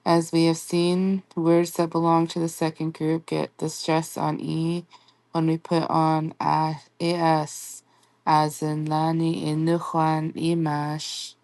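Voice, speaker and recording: A woman teaches a recorded language lesson, sounding out each word form slowly and with care. Her voice sits low and stays flat, with little rise or fall. The recording is dry and close. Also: gravelly, no echo. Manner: slow and deliberate, spelling out word forms.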